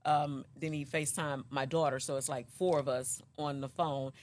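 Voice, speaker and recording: A woman, the mother of a young man, recounting in an interview what happened, with many pauses and restarts. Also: sits low, fairly even intonation, darkish tone, slight background noise. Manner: halting, many ums and restarts. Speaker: mother of the accused.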